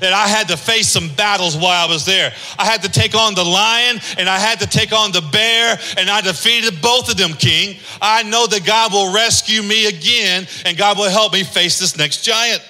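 A preacher playing a bold young shepherd. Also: male voice, high-pitched, normal speed, few pauses, sharp tone. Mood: earnest. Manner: earnest, pleading his case. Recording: echoey hall.

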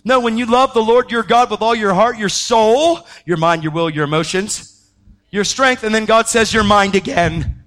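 A man preaching a sermon, telling a story with lively energy and acting out the voices of the people in it. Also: moderate pace. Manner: animated, acts out quoted voices, pitch jumping up when excited.

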